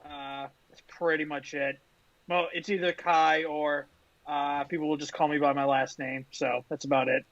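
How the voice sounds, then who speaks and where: A man's voice: on the high side, little pitch movement, normal speed, fairly bright tone, no room sound. A man talking on a podcast over a video call in a laid-back, easygoing way. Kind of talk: casual chat. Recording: dry, slightly dull call audio.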